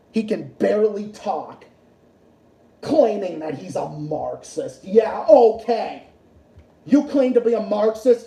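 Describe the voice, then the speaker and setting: A man's voice: high-pitched, creaky, warm tone. Furious, profane ranting man, echoey room. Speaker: livestream host. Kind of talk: angry political rant.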